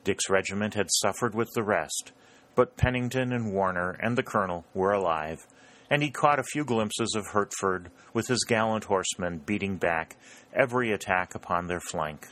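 A man reading a novel aloud as an audiobook narrator, with a steady, measured storytelling delivery. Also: lowish voice. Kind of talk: scripted narration of a historical war novel.

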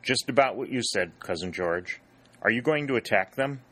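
A man reading an audiobook, voicing an eager young boy soldier in a raised, excitable voice. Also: medium pitch, moderate pace, pitched above the performer's own voice. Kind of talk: audiobook character voice.

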